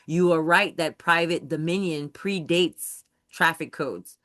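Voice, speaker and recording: Bright, dry-sounding host checking in with the group. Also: mid-range voice, unhurried, no room sound. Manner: emphatic, keeps checking that the group understands. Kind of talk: live video-call teaching session. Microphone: computer mic on a video call.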